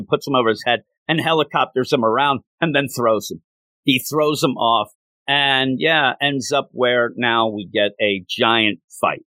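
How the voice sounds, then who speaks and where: A man casually retelling a comic story, animated and jumping into quick character voices as he goes. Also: medium pitch, no room sound.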